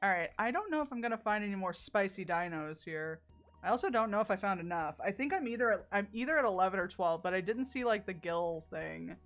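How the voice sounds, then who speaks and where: A woman's voice: mid-range voice, expressive, brisk, faint music behind. A young woman from the American South chatting casually with her stream chat while playing a game, laughing often and swearing freely. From Southern United States.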